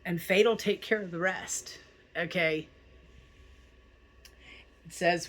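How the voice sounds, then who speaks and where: A woman's voice: mid-range voice, slow, pauses often, sharp tone. A woman hosting a spiritual channel, talking straight to her viewers in a casual, heartfelt way, reassuring them and often checking in with "okay?". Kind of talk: casual heartfelt talk to camera.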